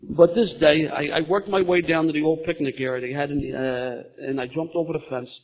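A middle-aged man telling his recovery story at a meeting, lively and laughing as he goes. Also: fairly high pitch, fairly quick. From Philadelphia, USA. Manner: animated storytelling, gets loud and laughing at funny parts. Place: meeting room in front of an audience. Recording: dull lo-fi meeting recording.

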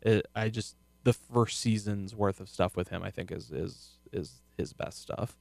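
Man, gravelly yet smooth low voice, casual co-host, rambling, dry close sound. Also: steady tone, measured pace, no room sound. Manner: rambling, restarts often, trails off quietly. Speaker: podcast co-host. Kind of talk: casual chat about a TV show.

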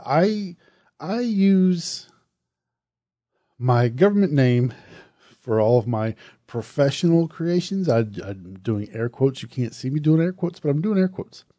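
Man, southern accent, podcast host, chatty and loose, mellow voice, dry close sound. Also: medium pitch, dry recording. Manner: chatty, self-correcting, loose and conversational. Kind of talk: casual solo podcast talk.

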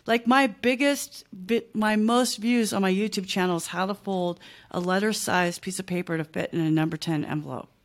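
Woman, 50s, small business owner, casual podcast guest, chatty and emphatic, mid-range pitch. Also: normal speed. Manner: chatty, emphatic, peppers talk with "like", "right?" and "okay?".

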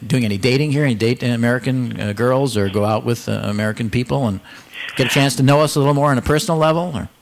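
A man's voice: medium pitch, fast talker, slight background noise. A man hosting a radio talk show, joking and teasing his guests with dry banter into a studio microphone. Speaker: host.

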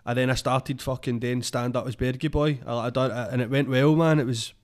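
A young man with a Scottish accent talks loosely on a podcast, circling back and checking in with his listener. His voice sits at an ordinary middle pitch. The chat is sweary and unpolished. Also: fairly even intonation, brisk. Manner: sweary, rambling, says "know what I mean" a lot. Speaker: comedian guest.

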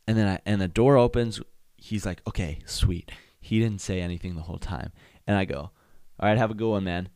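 A man's voice: on the low side, darkish tone, no room sound, clean studio sound. A young man hosting a solo podcast, telling comedic stories and acting out voices and sound effects. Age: young adult. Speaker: podcast host.

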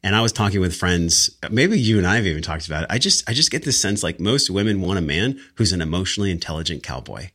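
A man's voice: low-pitched, animated, fast, hardly any pauses, fairly bright tone, husky. A man hosting a podcast, talking in a reflective, thoughtful way. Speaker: podcast host. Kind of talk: casual conversation.

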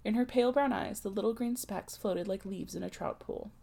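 A woman narrates a classic novel in a steady, measured reading. Her voice sits at an ordinary middle pitch with a noticeable gravelly fry. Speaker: audiobook reader.

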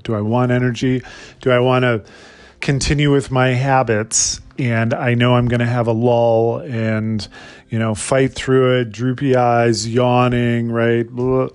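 A man's voice: medium pitch, vocal fry, darkish tone. A man hosting a solo motivational podcast, talking energetically and asking his listeners lots of rhetorical questions. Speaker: podcast host.

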